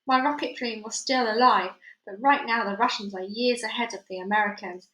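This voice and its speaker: A cold, sneering old mad scientist, a head in a jar, with a thick German accent, as a woman reads him out. The voice sits fairly high and bright, with a disdainful, commanding edge. It rings in an echoey room. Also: brisk, close to an everyday voice.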